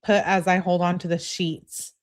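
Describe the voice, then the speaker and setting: A woman reading aloud the messages of a young woman's role-play persona in a plain, flat voice. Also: lowish voice, moderate pace, close to an everyday voice. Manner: read aloud flatly.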